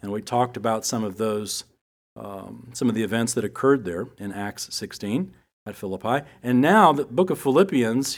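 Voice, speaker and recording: A middle-aged man teaching from the Bible, telling personal stories in a relaxed, humorous way. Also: medium pitch. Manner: conversational storytelling with humor.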